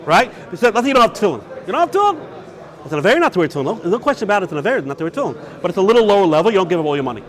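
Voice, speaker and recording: A rabbi gives a lively yeshiva lecture on Jewish law. His voice sits high for a man and swings widely in pitch. He poses questions and answers them himself, and he works Hebrew and Yiddish terms into his English. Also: very fast. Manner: animated, asks and answers his own questions.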